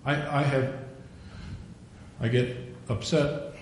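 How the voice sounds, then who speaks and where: A man's voice: fairly even intonation, takes it slowly. An older man preaching a sermon, a digressive storyteller who acts out the quotes he tells. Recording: very echoey room, faint rumble.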